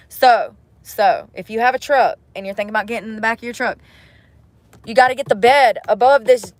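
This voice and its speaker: Chatty woman vlogging. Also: medium pitch. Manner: chatty, drops to soft mutters and whispers. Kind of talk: casual vlog talk to camera. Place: inside a vehicle bed at night.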